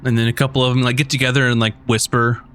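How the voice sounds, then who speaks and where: A man's voice: medium pitch, little pitch movement, fast, a bit bright, slight background noise. A man narrating a tabletop game as game master, rambling with lots of fillers.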